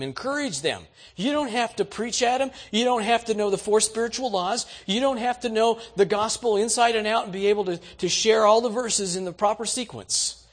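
Male pastor, husky tone, leans high, folksy storytelling sermon.

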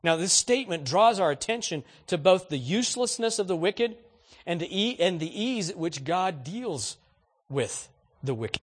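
A man preaching a sermon to a congregation, animated and asking rhetorical questions. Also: high-pitched, moderate pace, breathy edge. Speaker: pastor.

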